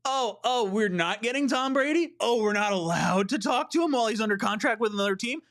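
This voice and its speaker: A man's voice: high voice, lively intonation, fairly quick, a bit bright, pitched above the performer's own voice. A man putting on a mocking, whiny voice of a smug rival male sports fan.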